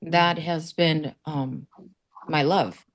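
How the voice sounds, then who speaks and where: A woman's voice: low-pitched, fairly even intonation, very slow. A woman from South Florida on a panel, sharing earnest, faith-filled stories and acting out quoted voices. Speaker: summit panelist. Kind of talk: casual panel conversation.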